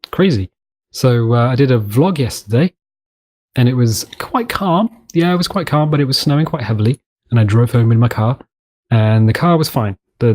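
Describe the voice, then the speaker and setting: A rambling, chatty man from the United Kingdom talks through a survival game as its let's play host. He wanders off topic, doubles back on his own words and restarts his sentences as he plays, in a relaxed gameplay-commentary style. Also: mid-range voice.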